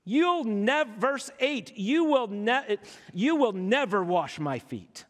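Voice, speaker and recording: A man's voice: extremely high pitch, very animated, slow. A man preaching a sermon to a congregation, emphatic and full of rhetorical questions. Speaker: pastor. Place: church hall. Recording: long hall reverb.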